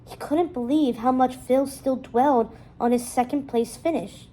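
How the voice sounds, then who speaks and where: Mellow woman reading a storybook aloud. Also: sits high, normal speed. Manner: expressive storytelling narration. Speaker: storybook reader. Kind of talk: children's novel read-aloud.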